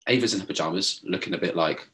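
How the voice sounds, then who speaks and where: A young man telling a long story in casual chat, animated and swearing, mimicking others as he goes. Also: low-pitched, quick pace. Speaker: podcast co-host.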